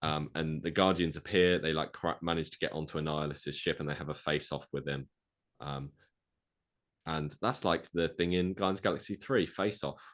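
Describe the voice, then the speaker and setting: A man co-hosting a podcast, rambling through a movie plot pitch with lots of fillers and acted-out quotes. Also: steady tone, brisk. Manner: rambling, filler-heavy, acts out quoted lines. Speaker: podcast co-host.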